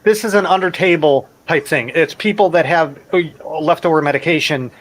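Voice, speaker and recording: Man with a slightly high voice, blunt, emphatic, casual swearing. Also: fairly quick, fairly bright tone, poor audio. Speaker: livestream chat participant. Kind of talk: casual group chat.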